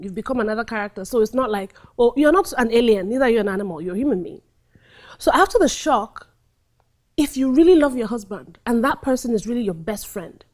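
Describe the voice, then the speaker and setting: A woman acting coach talking through a scene, acting out lines and dropping to hushed tones. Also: a little high. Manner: animated, acts out scenes, drops to hushed tones. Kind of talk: teaching monologue with acted examples.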